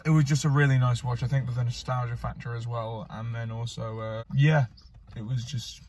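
A man's voice: mid-range voice, steady tone, fairly quick, darkish tone, a little hiss or hum. A man co-hosting a casual film review chat, easygoing and thinking aloud as he weighs his opinion.

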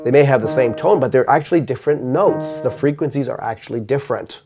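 An older man with a medium-pitched voice gives a measured, explanatory math lecture. He plays piano while counting the notes aloud.

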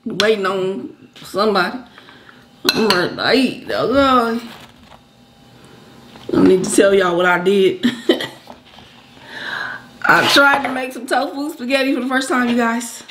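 A woman's voice: fairly high pitch, animated, measured pace, pauses often, noisy background. A woman co-hosting a mukbang, chatting casually and laughing easily as she eats. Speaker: co-host of a mukbang channel. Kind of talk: casual chat while eating.

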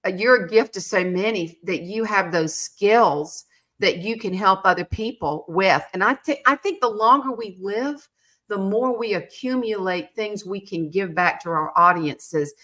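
Bright, animated woman telling stories. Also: mid-range voice, measured pace. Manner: animated, self-mocking, acts out quotes. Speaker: podcast host. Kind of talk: casual storytelling chat.

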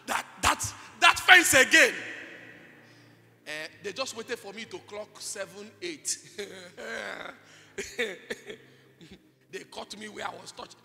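A Nigerian man preaching to a conference crowd, his voice very high for a man and tensely bright with a gravelly edge. He throws questions at the congregation and erupts into shouts. The sound carries a long hall reverb, with faint music playing underneath. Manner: call-and-response preaching, bursts of shouting. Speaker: pastor. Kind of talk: sermon. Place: large church conference hall.

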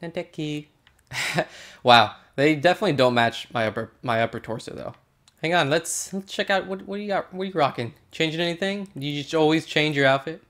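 A man's voice: fairly high pitch, brisk, fairly bright tone. Playful man joking through a game. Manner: playful, jokey, mock-regal bits. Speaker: gamer. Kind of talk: casual gaming chat.

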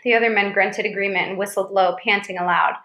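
A woman's voice: mid-range voice, steady tone, fast talker, bright, forceful tone. A woman narrating a chapter of an audiobook, with small slips and restarts as she reads. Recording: roomy echo.

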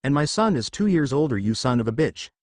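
A man's voice: mid-range voice, very animated, a little fast, no room sound, studio quality, close to an everyday voice. A man voicing a hot-tempered middle-aged woman scolding her husband in a read-aloud fan story.

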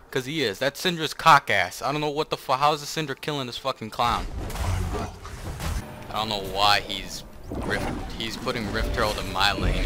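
A young man commenting on his own video game match, swearing and ranting in frustration at other players. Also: mid-range voice. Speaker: gaming streamer. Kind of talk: gameplay commentary. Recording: music bed under the voice.

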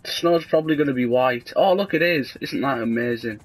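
Dry and sarcastic in his delivery, a young man hosting a gaming video comments loosely on the gameplay, occasionally letting out sudden excited yelps. He speaks a little fast in a mid-range voice with a breathy edge, on a rough recording.

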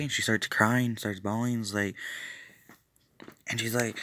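A man's voice: on the low side, fairly even intonation, measured pace, long pauses, a bit bright, slight background noise. A young man casually telling a fan-made story, rambling with loose fillers, restarts and jokey asides.

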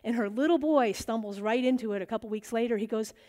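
A middle-aged woman teaching a bible study, lively and animated, acting out the voices in the stories she tells. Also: on the high side, quick pace. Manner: animated, acts out quoted voices.

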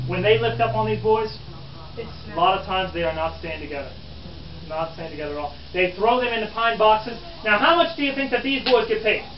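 A living history interpreter plays an 1860s newspaperman, lecturing a crowd of visitors theatrically at an outdoor historic park program. His high, natural voice sounds grim and preachy, scornful as he calls listeners "friends." The camera audio is distant, roomy and dull, with background noise.

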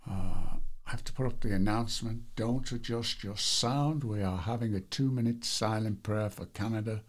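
A man's voice: fairly low pitch, normal speed. A man hosting a live devotional stream, chatting casually and greeting viewers one by one, rambling a little with fillers. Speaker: devotional livestream host.

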